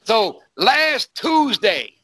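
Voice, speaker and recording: High-voiced, bright man ranting on a podcast. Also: sing-song, drawn-out words, husky, dry recording. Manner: emphatic, repetitive, swears constantly. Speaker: podcast host. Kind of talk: profane ranting podcast chat.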